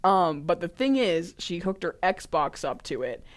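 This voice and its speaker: A young adult woman co-hosting a podcast, telling an animated story in casual chat. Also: lowish voice, a little slow. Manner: animated storytelling with frequent fillers. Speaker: podcast co-host.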